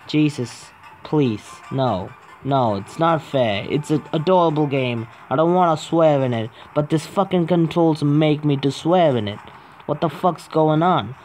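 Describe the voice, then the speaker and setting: A man's voice: a little high, animated, a little slow, a little mellow, a little hiss or hum. A young man who just woke up, casually commentating a mobile game, swearing and arguing with the controls. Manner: profane, exasperated, talks to the game. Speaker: gaming YouTuber.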